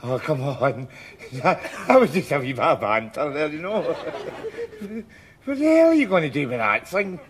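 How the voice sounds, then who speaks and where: A man's voice: on the high side, huge pitch swings, a little slow, crowd noise. A man with a Glaswegian accent, playing a scruffy, sardonic middle-aged man in a jail cell who rambles and stammers through restarts. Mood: nervous banter. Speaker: sitcom lead. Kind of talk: sitcom monologue.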